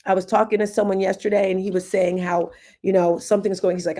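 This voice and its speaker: A woman in her fifties hosting a casual livestream, telling personal stories in a chatty, animated way. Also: mid-range voice, fast. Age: 50s. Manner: chatty, animated storytelling with laughs. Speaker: livestream host, confidence coach. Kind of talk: casual group livestream talk.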